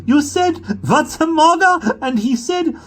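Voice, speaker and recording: A man voicing an excited young girl who squeals with high spirits, reading a children's storybook. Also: extremely slow, exaggerated voice. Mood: giddy.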